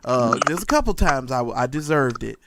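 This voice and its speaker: A man on an online call, casually telling stories in an animated, profane way and talking straight to listeners. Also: medium pitch, normal speed, heavy background noise. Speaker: show co-host. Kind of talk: casual storytelling chat.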